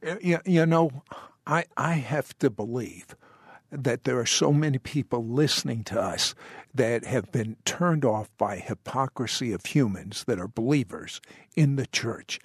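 A man's voice: mid-range voice, a little slow, slightly rough, no echo, clean studio sound. A man hosting an interview, asking questions and speaking emphatically, often stammering as he begins. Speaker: host. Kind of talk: interviewing a guest.

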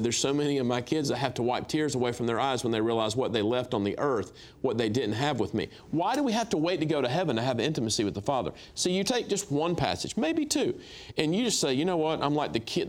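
A middle-aged man, a guest minister, telling lively stories on a talk show and acting out dialogue with laughs. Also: mid-range voice. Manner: animated storyteller, acts out dialogue, laughs. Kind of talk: storytelling testimony on a talk show.

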